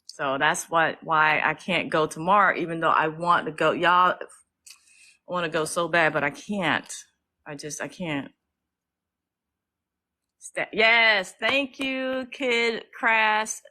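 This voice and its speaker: Woman, livestream host, emotional, outspoken, swears freely, fairly low, bright tense voice, phone mic. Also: slow, long pauses, poor audio. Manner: emotional, reads out viewer comments and thanks them. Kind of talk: casual livestream talk to viewers.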